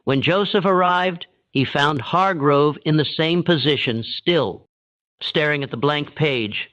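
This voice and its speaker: A man giving steady, measured scripted narration of a dark historical story. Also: on the high side. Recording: dull, dry, lo-fi sound.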